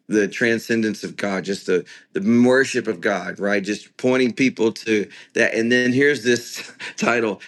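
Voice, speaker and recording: A man with a fairly low voice answers interview questions as a songwriter. He explains his intentions earnestly and slips into retelling a story with steady sincerity. His tone stays conversational throughout. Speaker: guest songwriter.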